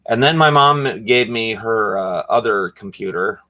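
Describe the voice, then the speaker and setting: A man's voice: on the low side, measured pace, bright, forceful tone. A man chatting casually on a live stream while he draws, rambling with lots of fillers.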